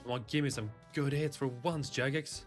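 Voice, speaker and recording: Young male streamer, mid-pitched, eager play-by-play over faint music. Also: normal speed. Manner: excitable, pleading with the game. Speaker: gaming streamer. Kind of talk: live gameplay commentary.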